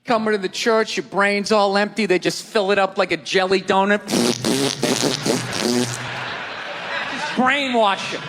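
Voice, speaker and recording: A man doing a profane, shouting stand-up comedy rant at a live show. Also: high voice, fairly even intonation, normal speed, hardly any pauses. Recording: live show with audience noise.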